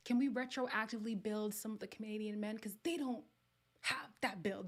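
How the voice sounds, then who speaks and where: In a mid-range voice at normal speed, a livestream host chats casually through a reality show, reading viewer comments aloud and slipping into whispered asides during the watch party.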